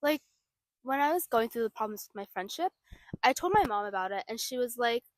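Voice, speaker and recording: Young woman with a slightly high voice. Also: animated, fairly quick, no echo, clean studio sound. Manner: agreeable, many "like" fillers. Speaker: podcast co-host. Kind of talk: casual chat.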